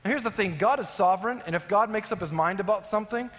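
A man preaching as a pastor, swinging between emphatic rising lines and soft, low endings. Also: quick pace. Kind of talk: sermon. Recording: long hall reverb.

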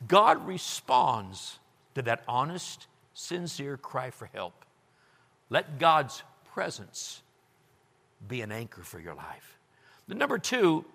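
A man with a high, lively voice preaches slowly and deliberately. He swings from ringing cries down to near whispers. His voice carries a long reverb from a large hall. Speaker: pastor. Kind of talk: sermon.

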